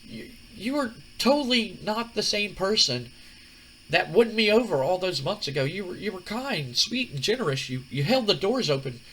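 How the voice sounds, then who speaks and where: A man's voice: big pitch swings, moderate pace, fairly bright tone, slight background noise, exaggerated voice, poor audio. A man voicing a fed-up young woman who scolds her self-absorbed boyfriend in a raised, indignant voice. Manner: high, pleading and indignant.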